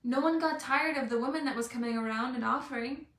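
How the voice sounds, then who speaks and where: A young woman giving a motivational live talk, bubbly and playful, and she acts out little scenes as she goes. Her voice sits high with touches of vocal fry. The room gives it a noticeable echo. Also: fast, a bit bright. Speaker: life and business coach.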